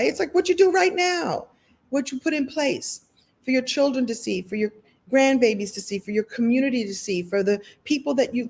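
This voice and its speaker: A woman hosting a live motivational recap, talking to an online audience in an animated, playful way, with laughs and acted-out little scenes. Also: on the high side.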